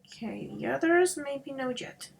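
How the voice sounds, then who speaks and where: A woman's voice: high-pitched, lively intonation, unhurried, vocal fry. A woman teaching an online English grammar lesson, patient and affectionate, calling students babies and dears and switching into to explain.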